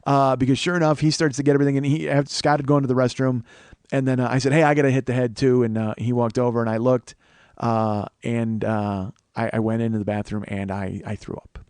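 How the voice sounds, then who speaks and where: Guy from chicago telling a funny story, lots of swearing, gets loud and laughy, dead dry mic. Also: mid-range voice, quick pace, clear, resonant tone, no room sound. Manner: profane, animated storytelling with laughs. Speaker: podcast host. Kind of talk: comedic storytelling monologue.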